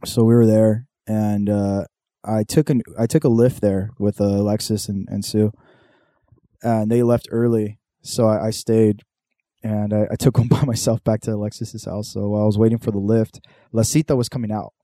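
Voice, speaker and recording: A man's voice: on the low side, level tone, moderate pace, dark tone, no echo, studio quality. A young man, hosting a podcast and telling a story in casual chat, swearing a lot and acting out the voices of people in it. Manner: laid-back storyteller, swears a lot, acts out quotes. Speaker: podcast host.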